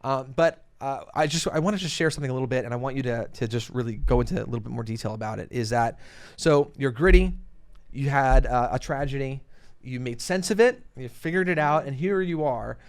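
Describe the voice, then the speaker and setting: A man with a Long Island accent hosting a podcast, chatting with a guest in an enthusiastic, encouraging way. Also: mid-range voice. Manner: enthusiastic, encouraging, talks in quick bursts. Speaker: podcast host. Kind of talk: casual interview chat.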